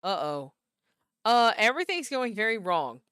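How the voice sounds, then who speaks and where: A woman's voice: mid-range voice, very animated, moderate pace, fairly bright tone, clear, resonant tone, no echo, studio quality. A woman streamer giving live gameplay commentary, exclaiming and repeating her reactions.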